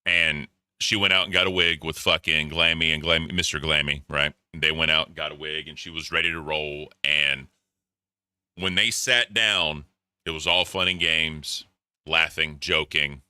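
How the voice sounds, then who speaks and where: A man's voice: rumbling low, fairly even intonation, moderate pace, pushed and bright, clean tone, no room sound, clean studio sound. A man co-hosting a casual commentary chat, talking bluntly with lots of swearing and repeats. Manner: blunt, profane, repetitive. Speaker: co-host.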